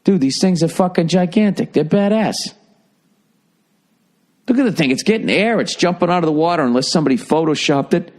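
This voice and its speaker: A man's voice: a little high, animated, fairly quick, a little mellow. A middle-aged man hosting a podcast, riffing in a profane, sarcastic, rambling monologue. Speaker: podcast host.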